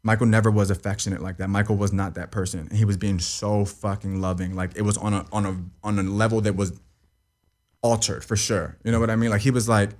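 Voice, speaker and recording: A man's voice: on the low side, flat delivery, fast, darkish tone. A young man telling a painful personal story as an interview guest. He rambles, repeats himself, swears and keeps asking "you know what I mean.". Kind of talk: emotional personal account in an interview.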